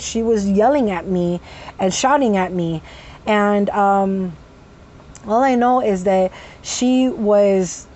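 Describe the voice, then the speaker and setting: A woman's voice: medium pitch, a little mellow. A woman telling a personal story in casual storytime style, rambling with many fillers and sudden vocal tics.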